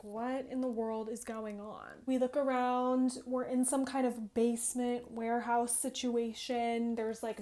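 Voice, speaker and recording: A woman's voice: a little high, darkish tone. Chatty young woman recapping a game. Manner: chatty, peppered with "like", acts out lines. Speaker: student gamer retelling a visual novel. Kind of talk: casual game recap vlog.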